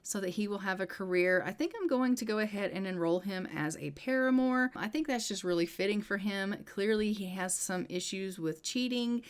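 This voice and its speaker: A woman hosting her own life-sim game series and narrating as she plays. She is chatty and loose, with frequent fillers and restarts. Her voice sits at a typical middle pitch. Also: moderate pace, few pauses, smooth. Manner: chatty, many fillers like "you know" and "um". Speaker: gameplay host. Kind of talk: casual gameplay narration.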